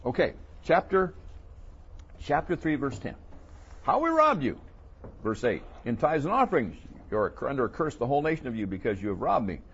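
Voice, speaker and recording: A man preaching a sermon to a congregation, asking questions and playing out the listeners' doubts in a higher voice. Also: brisk, lo-fi sound, a little hiss or hum. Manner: animated, voices the questioners in a high mocking tone.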